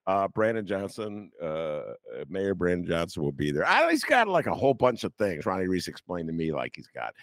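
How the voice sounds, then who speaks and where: An older man hosting a casual political talk show, joking and swooping into high teasing asides. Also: big pitch swings, fairly quick, few pauses, fairly bright tone, dry recording, clean studio sound. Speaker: podcast host.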